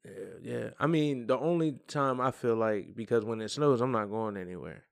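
Laid-back gravelly podcast co-host man. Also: medium pitch, moderate pace, no room sound, clean studio sound. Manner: laid-back, slangy, swears freely, laughs often. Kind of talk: casual chat.

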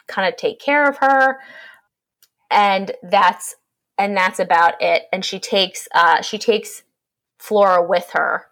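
Joking along and swearing without restraint, this woman co-hosts a podcast and breezily recaps a story during a casual book chat. She speaks at medium pitch with a slightly bright tone.

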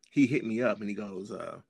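A man talking as a podcast guest, telling a story in a casual, slangy, animated way and clearing his throat now and then. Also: lowish voice, no room sound, clean studio sound.

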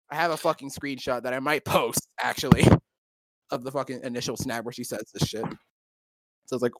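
A man's voice: medium pitch, a little fast, no room sound. A young man telling a story in casual chat, rambling and profane with many fillers and restarts. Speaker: co-host.

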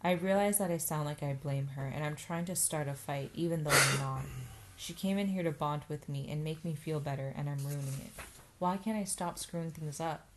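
A woman with a low voice reads a first-person novel aloud. Her audiobook narration is steady and even. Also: normal speed, noisy background.

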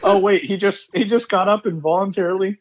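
A man co-hosting a casual wrestling podcast, relaxed and asking follow-up questions. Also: high-pitched, a little fast, lo-fi sound. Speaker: podcast co-host.

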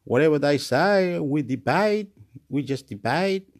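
A man's voice: on the high side, expressive, a little slow. A man rambling to camera in a vlog, repeating himself, jumping between ideas and laughing often. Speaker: YouTuber.

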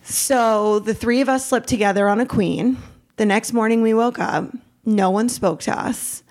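Woman in her thirties, podcast guest recounting family trauma, animated delivery with pitch leaps on quoted lines. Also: moderate pace. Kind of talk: emotional personal storytelling.

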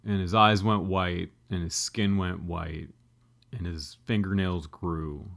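Deep, gravelly man telling a profane story. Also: takes it slowly. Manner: profane, self-deprecating, animated. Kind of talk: comedic storytelling.

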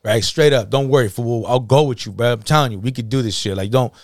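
A man's voice: mid-range voice, fast talker, no echo, clean studio sound. A man co-hosting a casual podcast, telling a story in heavy slang and acting out the quoted dialogue. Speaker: podcast co-host.

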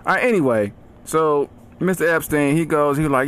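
A man's voice: a little high, brisk, slight background noise. Slangy ranting man, comic podcast host. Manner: animated, slangy, mock-aggressive. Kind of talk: comedic storytelling rant.

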